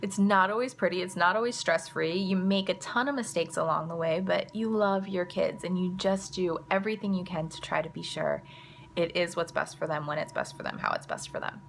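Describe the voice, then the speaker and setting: A woman's voice: lowish voice, a little fast, vocal fry, slight background noise. A mother telling a story to camera in a chatty, casual way, full of "like" and "you know.". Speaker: mother and vlogger.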